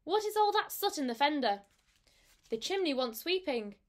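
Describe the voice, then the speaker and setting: A woman doing a brisk, no-nonsense neighbour cat. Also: high voice, big pitch swings, voice pushed up. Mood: firm. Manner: firm and matter-of-fact.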